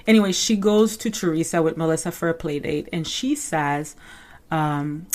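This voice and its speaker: A chatty woman with a slightly low voice talks through a reality-show episode in a loose recap. She fills her talk with "like" and slips into the voices of the people she quotes. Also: steady tone, normal speed, a little mellow. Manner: chatty, many "like" fillers, acts out quotes. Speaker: reality TV commentary host. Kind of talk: casual recap commentary.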